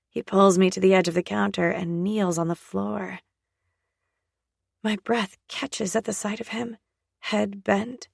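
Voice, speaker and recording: A woman narrating a first-person romance audiobook in a soft, breathy, often half-whispered voice. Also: medium pitch, no echo, clean studio sound.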